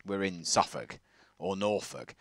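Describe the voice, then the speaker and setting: A man with a slightly plummy southern English accent, co-hosting a casual countryside podcast, talking in an animated, rambling way. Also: low-pitched, a little slow, vocal fry, no room sound. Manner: animated, rambling, laughs often. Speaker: podcast co-host. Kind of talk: casual chat.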